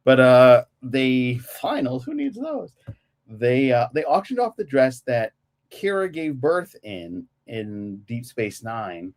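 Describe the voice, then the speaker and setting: A man's voice: medium pitch, very animated, slow. A man from Germany co-hosting a podcast, chatting enthusiastically and repeating catchphrases. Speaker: podcast co-host. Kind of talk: casual chat.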